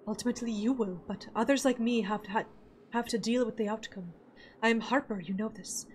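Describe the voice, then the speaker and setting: A woman voicing a stern female druid who speaks in a lowered, measured, solemn way. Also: darkish tone, slight background noise, natural voice. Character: stern female druid warrior, dry and guarded.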